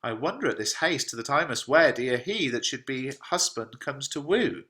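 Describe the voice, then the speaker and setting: A man's voice: mid-range voice, expressive, moderate pace, sharp tone, pitched above the performer's own voice. A man reading the lines of a defiant young girl who refuses to marry.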